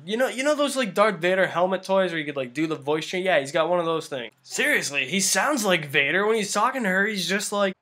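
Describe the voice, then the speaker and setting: Reviewing a season of a TV show, a man rambles casually, leaning heavily on fillers and saying "like" a lot. His voice sits high and sounds a bit bright.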